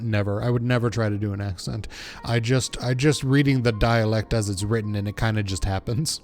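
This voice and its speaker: A man's voice: on the low side, fairly even intonation, a little fast, soft background music. A man casually commenting and joking while playing a game, with self-deprecating asides. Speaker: streamer.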